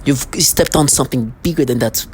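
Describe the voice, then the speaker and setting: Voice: medium pitch, fairly quick, a little mellow, a little hiss or hum, low-quality recording. A vlogger in an angry, threatening monologue who often repeats and restarts words.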